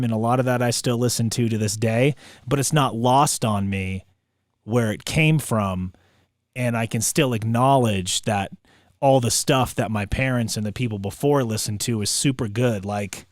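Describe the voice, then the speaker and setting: A man hosting a podcast, telling a story in a relaxed, slangy way full of dude and bro. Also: mid-range voice, moderate pace, no room sound, clean studio sound. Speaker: podcast host. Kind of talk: casual storytelling chat.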